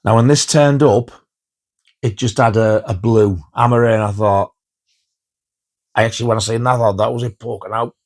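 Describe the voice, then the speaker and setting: A man's voice: lowish voice, steady tone, normal speed, long pauses, a little mellow. A man in his fifties chatting enthusiastically about films he has watched, laughing as he retells favourite scenes. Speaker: film reviewer. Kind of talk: casual home movie-review vlog.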